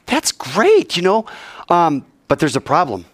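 Man doing high, sing-song scheming brothers, falsely chummy, close and dry. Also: huge pitch swings, unhurried, breathy edge, dry recording, exaggerated voice. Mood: fake cheerful. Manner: sweetly mocking, sing-song. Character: two scheming brothers, fake-friendly young men.

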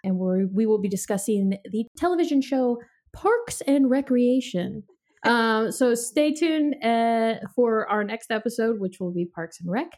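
A woman with a fairly high voice hosts a relaxed podcast conversation from a home setup. She keeps things playful and laughs easily between remarks. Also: measured pace. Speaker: podcast host. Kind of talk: casual chat.

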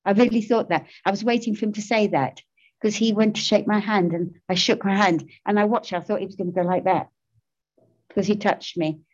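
A woman's voice: medium pitch, fairly even intonation, fairly quick, dull audio. An older woman, giving a personal testimony about her recovery, self-mocking, emotional and often laughing. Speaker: recovery speaker.

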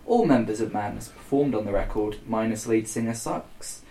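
A man's voice: fairly low pitch, moderate pace, mellow. Teasing man in an echoey room. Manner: teasing, reads out facts. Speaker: podcast co-host. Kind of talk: casual chat.

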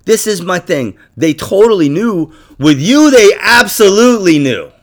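Animated, gravelly male podcast host. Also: high voice, unhurried. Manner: profane, animated, laughing asides. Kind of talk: casual podcast chat.

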